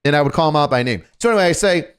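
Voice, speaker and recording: A man telling stories on a casual podcast, profane and animated, acting out what people said. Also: a little high, very fast, clean tone. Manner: profane, animated, acts out shouted quotes. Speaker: podcast co-host telling a story.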